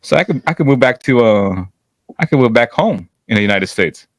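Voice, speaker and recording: A man co-hosting a podcast, chatting casually with animated, jokey interjections. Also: mid-range voice, fairly quick, dry recording. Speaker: podcast co-host.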